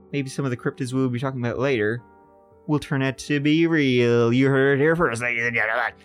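Jokey male podcast co-host. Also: mid-range voice. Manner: jokey, swears, quick comic interjections. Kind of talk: casual chat.

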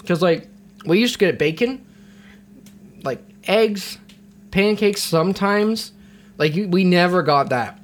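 A man's voice: high voice, animated, takes it slowly, pauses often. A young man hosting a podcast who rambles casually, swears freely and fills his talk with ums. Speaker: podcast host.

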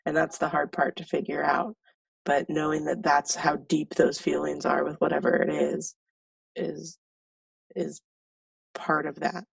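A speaker talks tentatively in a flat, gravelly voice with many fillers. The mic is far off in a dry room. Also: medium pitch, a little slow, dry recording. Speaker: group participant. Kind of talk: casual support-group sharing.

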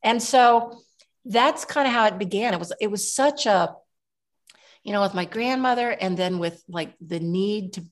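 A woman's voice: mid-range voice, normal speed. Older lady herbalist telling long stories, lots of restarts, easygoing. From Kentucky. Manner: rambling, warm storyteller with many restarts. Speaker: guest herbalist. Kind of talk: relaxed storytelling interview.

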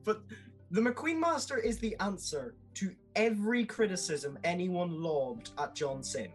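A man talking enthusiastically as a podcast guest, with quick asides and laughs. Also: high voice, expressive, soft background music, rough recording. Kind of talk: casual podcast chat.

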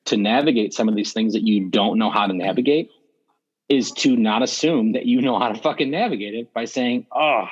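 A man speaking as a podcast guest, telling stories in a blunt, profane, animated way. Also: fairly low pitch, brisk, slightly rough, highs cut off. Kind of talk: casual conversational interview.

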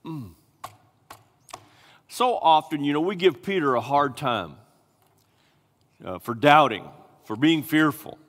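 A male pastor preaching a sermon in an animated way, acting out scripture voices with big swings in pitch. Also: takes it slowly, pauses often. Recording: long hall reverb.

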